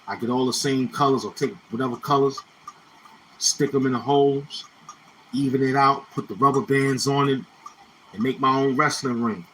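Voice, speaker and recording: A man rambles through laid-back stories in thick street slang. He keeps circling back to the same phrases as he reminisces. His voice is bright and forward at a middle pitch, with a faint hum behind it. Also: steady tone, moderate pace, poor audio. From Brownsville, Brooklyn, New York. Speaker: YouTuber. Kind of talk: casual storytelling monologue.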